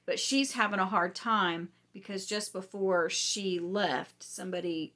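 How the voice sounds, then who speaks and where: A woman hosting a casual book review, chatty and rambling with many ums, her voice going hoarse. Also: mid-range voice, unhurried, a bit bright. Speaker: book reviewer, channel host.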